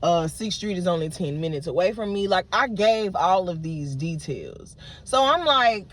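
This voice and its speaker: A woman's voice: lowish voice, animated, normal speed, few pauses. A woman in her late twenties, talking straight to camera in an unedited vlog and retelling an argument with frustration. She speaks with lots of fillers and restarts. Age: late 20s. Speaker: vlogger. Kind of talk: unedited casual monologue to camera.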